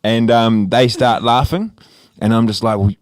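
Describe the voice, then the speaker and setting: A man's voice: mid-range voice, moderate pace, dry recording, clean studio sound. A young Australian man telling a long story in casual podcast chat, rambling, laughing and swearing freely. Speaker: podcast co-host.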